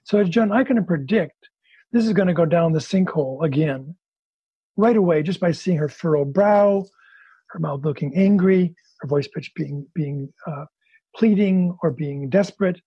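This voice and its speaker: Husky high-voiced male therapist. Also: normal speed, no echo, lo-fi sound. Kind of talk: explanatory talk with role-play demonstration.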